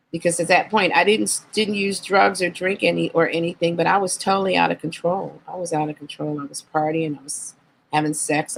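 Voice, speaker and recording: A woman guest on an interview show, candidly recounting her life in an earnest, reflective way and slowing down on painful memories. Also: fairly low pitch, gravelly, slight background noise, poor audio. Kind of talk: candid personal storytelling.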